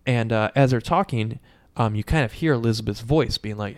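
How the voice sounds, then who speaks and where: Profane, animated man recapping a movie. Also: medium pitch. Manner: profane, animated storytelling with quick quoted voices. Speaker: podcast co-host recapping a movie. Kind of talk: casual chat.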